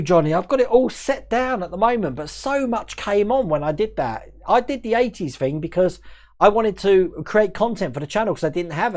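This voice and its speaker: A man from Australia with a mixed Australian and English accent, hosting a casual live stream, chatting quickly, laughing often and reading out viewer comments. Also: high-pitched, darkish tone.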